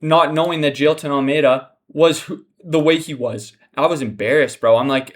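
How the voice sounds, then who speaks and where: A man's voice: a little high, a little fast, few pauses. Exasperated, profane young man ranting. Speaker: MMA analyst host. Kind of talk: casual fight breakdown and predictions.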